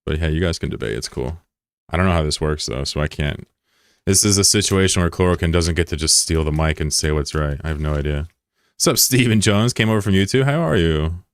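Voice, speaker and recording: A man's voice: low-pitched, brisk, clean tone, no room sound. A man streaming live, chatting casually with viewers in a rambling, self-deprecating way. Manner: rambling and self-deprecating, reads chat aloud. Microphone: broadcast mic with voice filter.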